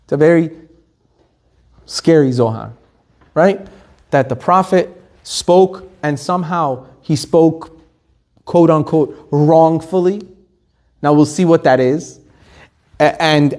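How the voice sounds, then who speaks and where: A man, a rabbi, teaching a Torah class, telling the story with lively, acted-out quotes. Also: fairly high pitch. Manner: animated storytelling, acting out quotes.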